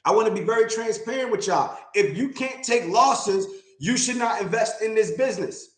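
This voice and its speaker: A real estate investor and mentor talks on a livestream in an echoey room, his voice high-pitched and animated at a normal speed. He's blunt and emphatic, repeating his points.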